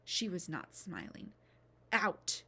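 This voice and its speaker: A woman reads a storybook chapter aloud in a mid-pitched voice, giving the scene lively expression. Now and then she drops to a hushed whisper for effect. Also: a little slow. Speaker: reader. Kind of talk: reading a novel aloud.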